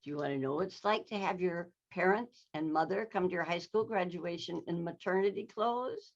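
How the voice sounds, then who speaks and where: Lively storytelling woman from Wisconsin. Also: on the low side, normal speed, hardly any pauses, lo-fi sound. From Wisconsin, United States. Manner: animated storyteller who addresses the audience. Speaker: keynote speaker. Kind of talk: storytelling keynote talk.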